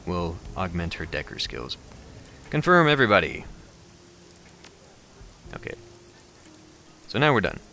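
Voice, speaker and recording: Deep-voiced man commenting on a game. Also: big pitch swings, normal speed, creaky, pauses often, bright, forceful tone, a little hiss or hum. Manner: hesitant, thinking aloud with fillers. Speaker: let's play host. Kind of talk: game commentary and reading aloud.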